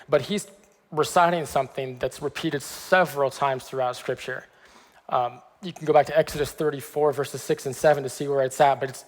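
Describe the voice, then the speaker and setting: Conversational pastor in a reverberant church. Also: male voice, a little high. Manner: conversational, frequent "okay" check-ins. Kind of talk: sermon. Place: church sanctuary.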